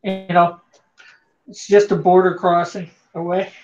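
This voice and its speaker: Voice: medium pitch, little pitch movement, a little slow, a little mellow. A host from Canada, chatting casually on a live drawing stream and reading viewer comments aloud in an easygoing way. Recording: dull lo-fi sound.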